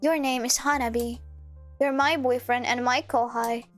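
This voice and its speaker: A calm young woman who plays the player's girlfriend in a game, quietly menacing, as a woman streamer reads her lines. She speaks in a high voice and stays matter-of-fact even about dark things. Faint music sits behind her. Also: normal speed, close to an everyday voice. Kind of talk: reading game dialogue aloud.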